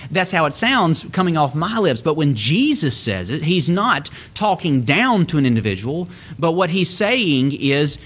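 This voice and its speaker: A man's voice: fairly high pitch, animated, normal speed, hardly any pauses, a bit bright. Earnest man preaching a sermon. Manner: earnest, explanatory, quotes scripture with rising emphasis.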